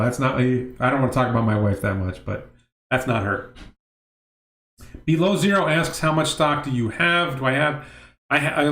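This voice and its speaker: A man's voice: medium pitch, a bit bright. Middle-aged guy rambling on a livestream, answers chat, keeps restarting sentences, roomy echo. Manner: rambling, self-interrupting, reads chat questions aloud. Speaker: livestream host. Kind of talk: casual livestream talk answering chat questions.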